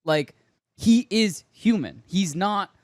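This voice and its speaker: A man's voice: sits high, lively intonation, slow pace, no echo, studio quality. Eager rambling male podcast co-host. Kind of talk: casual chat.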